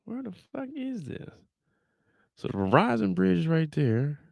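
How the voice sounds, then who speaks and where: Animated, exasperated man streaming to chat. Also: high voice, unhurried, vocal fry, no echo. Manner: animated, exasperated, swears freely, talks to chat. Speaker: show reaction streamer. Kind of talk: casual livestream chat with viewers.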